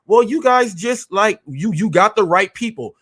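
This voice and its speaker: A man's voice: sits high, lively intonation, moderate pace, a bit bright, slightly rough. A man hosting a live stream, ranting in a fiery, confrontational way with slangy street talk. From California. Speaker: host. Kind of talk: heated live-stream rant.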